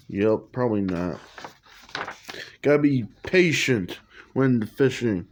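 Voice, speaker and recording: A man's voice: mid-range voice, animated, slow pace, long pauses. A man reading his own comic aloud in a casual way, with rambling, crude asides. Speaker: comic reader.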